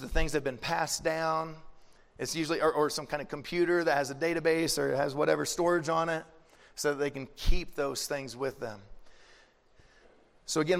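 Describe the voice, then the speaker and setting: A man's voice: on the high side, fairly bright tone, long reverb tail. A man pastor giving a conversational, joking sermon.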